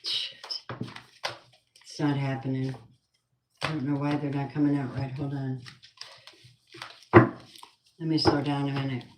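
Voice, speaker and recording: A woman's voice: extremely low pitch, flat delivery, takes it slowly, pauses often, reverberant, heavy background noise. A woman giving a spoken tarot reading with prayers, blunt and earthy, muttering asides to herself. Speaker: tarot card reader.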